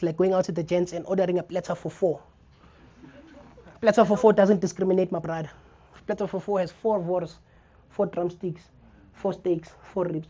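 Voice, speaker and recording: A man's voice: high voice, muffled recording. A young man with a South African accent performing a stand-up comedy set, acting out scenes as he tells stories. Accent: South African English. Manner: animated storytelling, acts out scenes. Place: comedy theater stage.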